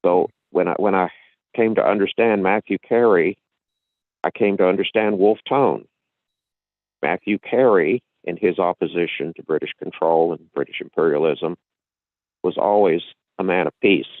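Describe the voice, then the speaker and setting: Unhurried and low-pitched, with long pauses, a podcast host holds forth in a casual lecture, repeatedly restarting and repeating his sentences. His voice sounds tinny and phone-like, dry with no room sound.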